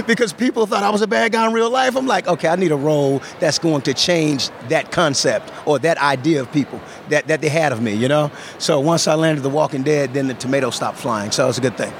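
A man's voice: fairly high pitch, a bit bright, slight background noise. A man being interviewed as an actor guest, speaking graciously with laughs. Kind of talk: interview at a convention. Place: busy convention floor.

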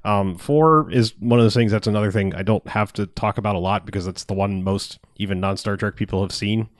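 A man's voice: on the low side, brisk, no echo. A man in casual podcast chat, rambling about movies, often laughing and swearing as he acts out lines.

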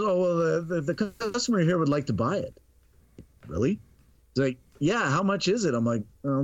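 A middle-aged man telling a story on a podcast, casual and animated, acting out the dialogue and laughing often. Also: mid-range voice, no echo, dull audio. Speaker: podcast guest.

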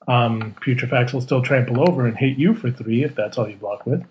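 A man's voice: mid-range voice, brisk, a little mellow, dull audio, slight background noise. A man co-hosting a casual podcast, laid-back and jokey, explaining rules at length. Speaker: podcast co-host.

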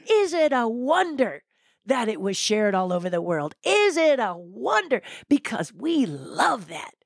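A woman giving an interview, telling inspirational stories in an animated way and repeating words for emphasis. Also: fairly high pitch, measured pace, gravelly, no room sound, studio quality. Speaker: interview guest. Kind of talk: animated motivational storytelling.

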